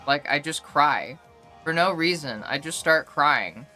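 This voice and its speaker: Young woman streamer, casual live chat, rambling with constant fillers; bright, crisp tone, faint music under her. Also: sits low, expressive, measured pace.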